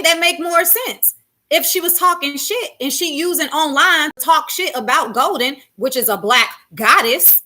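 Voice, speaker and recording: A woman vlogger reacting to a clip, high in pitch and bright in tone. She is emphatic and sassy, and she fires off rhetorical questions to her viewers. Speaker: commentary vlogger. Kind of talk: reaction commentary.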